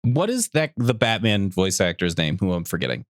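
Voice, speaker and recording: A man co-hosting a podcast, talking excitedly and reacting strongly. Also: moderate pace, dry recording, studio quality. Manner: excitable, swoops up in pitch when enthused. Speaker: podcast co-host. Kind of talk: casual recap chat.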